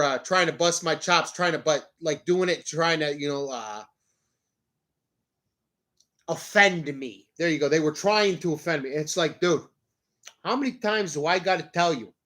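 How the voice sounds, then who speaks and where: A man hosting a motivational podcast, talking to the camera in a loud, high-energy, jokey way with plenty of swearing. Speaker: podcast host. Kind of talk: motivational casual talk.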